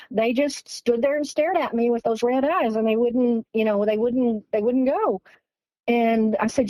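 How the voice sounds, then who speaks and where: A woman recounts a personal story to an interviewer, her voice sitting a little higher than most. She keeps switching between "he goes" and "I said," and her pitch climbs when she acts out the quotes. The sound is dry and close, with no room echo. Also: normal speed. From East Texas. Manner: retells dialogue with many "he goes" and "I said"; animated, rises in pitch when quoting. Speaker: guest telling her encounter story.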